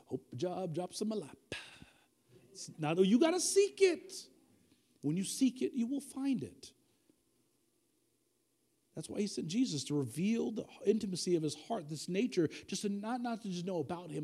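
A man's voice: high voice, dark tone. A man preaching a sermon as pastor, dynamic and conversational, repeating key lines for emphasis with folksy asides.

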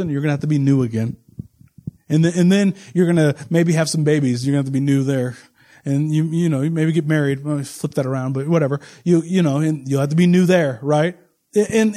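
High-voiced preacher, intimate to booming. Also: male voice. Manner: swings from low, intimate asides to loud, slow, emphatic proclamation. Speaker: pastor. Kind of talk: sermon.

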